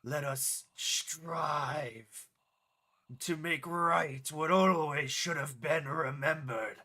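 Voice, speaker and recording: A man voicing a solemn, mysterious male figure, speaking slowly and gravely in a measured way. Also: fairly high pitch, bright, forceful tone, exaggerated voice. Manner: slow, grave, measured delivery.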